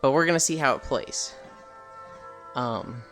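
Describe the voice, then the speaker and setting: Man, streamer, bright tense voice, rambling casual game chat, swears casually. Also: mid-range voice, unhurried, faint music behind. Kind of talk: casual gaming chat while walking. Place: walking on a treadmill while streaming.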